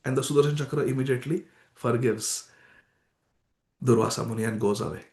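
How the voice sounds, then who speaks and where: A man's voice: mid-range voice, brisk, a little mellow. Emphatic man teaching in an echoey temple. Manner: emphatic storyteller, exclaims devotional calls. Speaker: scripture class teacher. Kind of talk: morning scripture class storytelling. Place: temple hall.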